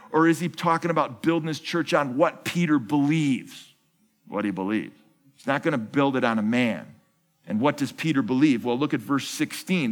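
A man's voice: a little high, a bit bright. A man giving a sermon as founding pastor of his church, asking the congregation questions, answering them himself, and repeating key phrases.

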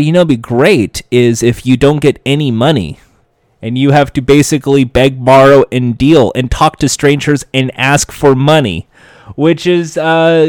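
A man giving casual, animated commentary, acting out quoted lines as he goes. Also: mid-range voice, no echo, studio quality. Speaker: reality TV commentator.

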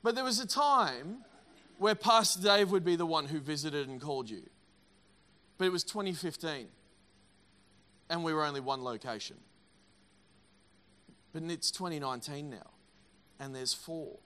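A middle-aged man preaching a sermon, energetic and emphatic, often repeating words. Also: fairly high pitch, normal speed, long pauses. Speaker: pastor.

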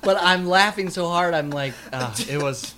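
A man's voice: high-pitched, normal speed, sharp tone, a little hiss or hum. A young man telling a rambling anecdote in a casual chat, laughing often and restarting lines.

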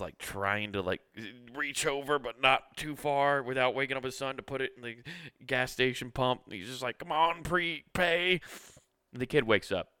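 A man's voice: fairly low pitch, sharp tone, clear, resonant tone, no echo, studio quality. A young man hosting a podcast, telling a casual, rambling story full of swearing and restarts. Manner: laid-back, profane, rambling with many restarts. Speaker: podcast host.

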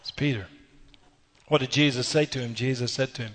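A man's voice: medium pitch, steady tone, a little fast, pauses often, big-room sound. A man preaching a sermon, exhorting earnestly with repeated phrases and rhetorical questions. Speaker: pastor.

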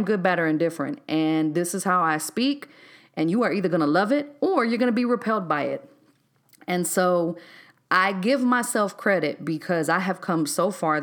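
A Texas woman with a lowish voice talks freely on her own podcast, unscripted and candid. She chats warmly in a loose way, drops in a "y'all", and laughs at herself now and then. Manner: candid, chatty, laughs easily, says "y'all" and "um". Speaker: podcast host. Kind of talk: unscripted solo podcast talk.

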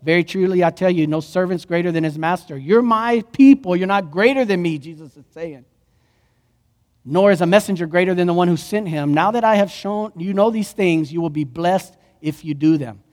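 A man with a high voice preaching with passion, his words ringing through a large reverberant church hall. He drops to a hush, then surges loud again. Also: fairly quick. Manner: impassioned preaching, swings from hushed to loud. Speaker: pastor. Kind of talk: sermon.

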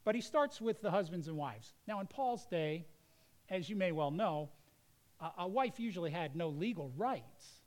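Earnest higher-pitched male preacher. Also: expressive, normal speed, low-quality recording. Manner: earnest, conversational preaching with varied emphasis. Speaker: pastor. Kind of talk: sermon.

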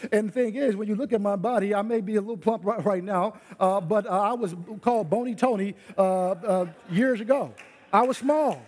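A man preaching a sermon as pastor, his voice pitched high for a man and often rising to a yell. He leans on repetition, circling back with "listen" to press each point. The sound rings out with long reverb, as in a large hall. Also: brisk. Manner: preaching with loud yelling bursts, repeats "listen". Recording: echoey hall.

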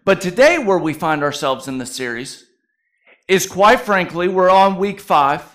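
A man's voice: sits high, animated, measured pace, a bit bright. A male pastor preaching a conversational sermon, telling stories with frequent "uh" fillers.

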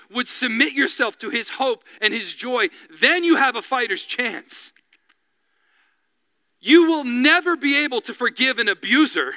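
A man preaching a sermon as pastor, animated, often dropping to a hushed, slow voice. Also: very high voice, dry recording, rough recording.

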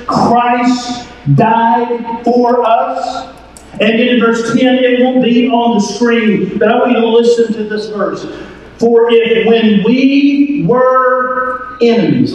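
A man preaching a sermon at an unhurried pace, stretching out key phrases and urging his congregation to listen. His voice sits very high. It is heard from a distance in a large, long-ringing church hall. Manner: emphatic preaching, drawn-out phrases, calls to the congregation. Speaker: pastor. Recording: echoey hall from far off.

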